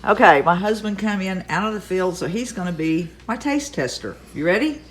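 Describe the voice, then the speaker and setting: A woman's voice: mid-range voice, animated, moderate pace. A woman hosting a crafts vlog from her home kitchen, chatting casually to camera in a rambling way with folksy asides. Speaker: crafts vlogger host.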